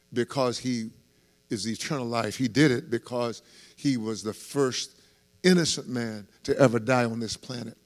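Man preaching with rising fervor. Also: medium pitch. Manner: lively preaching with swells in volume and laughter; conversational asides to the congregation. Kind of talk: sermon.

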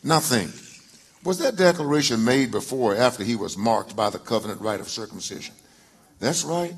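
A man preaching a sermon, reading scripture aloud in a folksy drawl with rising emphasis, with a husky voice. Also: mid-range voice, lively intonation, moderate pace. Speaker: pastor.

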